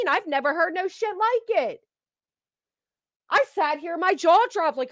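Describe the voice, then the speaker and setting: High-voiced woman ranting on a livestream. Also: expressive, a little slow, long pauses, fairly bright tone, dry recording, clean studio sound. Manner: blunt, sarcastic, heavy cursing. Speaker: livestream commentator. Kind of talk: profane gossip commentary reading chat. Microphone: streaming desk mic.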